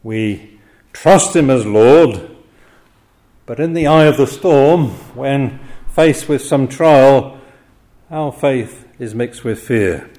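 A man's voice: mid-range voice, takes it slowly, warm tone. An older man preaching an expository sermon, often chuckling between points and voicing the quoted cries with drama.

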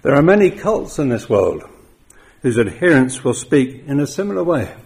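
A man preaching a sermon, with emphatic stresses that rise loud and then drop quiet. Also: medium pitch, sing-song, moderate pace, creaky.

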